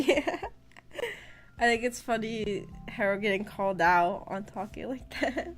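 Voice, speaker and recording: A woman's voice: medium pitch, a little slow, faint music behind. A woman streaming a casual book discussion, chatty and often giggling as she reads chat aloud.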